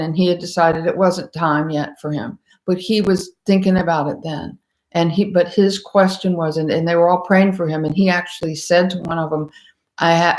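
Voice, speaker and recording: A woman's voice: fairly low pitch, echoey room. A woman hosting a casual commentary livestream, talking in an impassioned, emphatic way and rambling through restarts. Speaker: livestream host.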